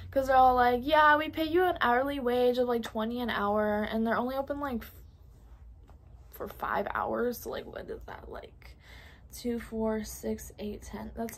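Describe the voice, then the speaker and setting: A woman in her late teens from California telling a casual, profane storytime, full of fillers and whispered asides. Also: fairly high pitch. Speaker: vlogger. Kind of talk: storytime vlog.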